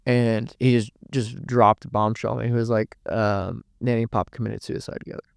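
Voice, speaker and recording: A young man speaks in a smooth, resonant voice that stays fairly level in pitch. He tells a personal story as an interview guest, rambling and emotional, restarting his sentences and cursing often. The sound is dry and close, with no room echo. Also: level tone, normal speed. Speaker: podcast guest.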